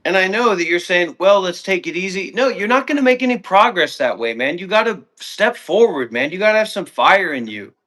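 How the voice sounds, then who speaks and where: A man with a high, piercing voice rants on a livestream, swearing freely and hammering his points home. He stacks demand after demand in long insistent lists, never giving ground. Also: very animated, fairly quick, few pauses, sharp tone. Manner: profane, confrontational and insistent; repeats commands in long lists. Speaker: call-in guest. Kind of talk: heated livestream argument.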